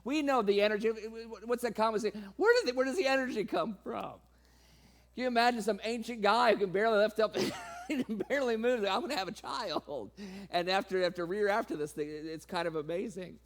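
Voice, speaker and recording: A man preaching a sermon, laughing often and playfully acting out the people in his reading. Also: brisk. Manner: acts out quoted voices with sudden pitch jumps.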